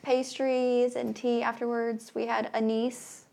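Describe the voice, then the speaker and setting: A woman's voice: fairly high pitch, level tone, slow, vocal fry, dark tone. A woman, a guest, talking eagerly about a mission trip in a casual conversation. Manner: enthusiastic, gushing.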